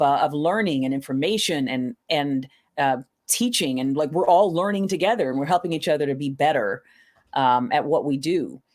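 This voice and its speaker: Woman, podcast guest, online creator, very low voice, thoughtful, casual, restarts phrases. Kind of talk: casual conversation.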